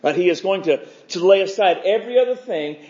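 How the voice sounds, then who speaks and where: A man's voice: sits high, animated, brisk, darkish tone. A man preaching an expository sermon, fervent and emphatic, stacking repeated phrases. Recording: dull lo-fi recording.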